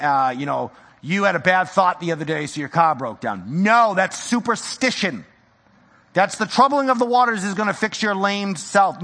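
Animated high-voiced man preaching. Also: long reverb tail. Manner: animated, casual slang, acts out quoted voices. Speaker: pastor. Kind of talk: sermon.

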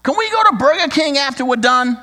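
A man's voice: expressive, brisk, sharp tone, in a large hall, full character voice. A man doing a whiny little boy begging. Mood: whiny pleading. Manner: high-pitched begging. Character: whiny pleading four-year-old boy.

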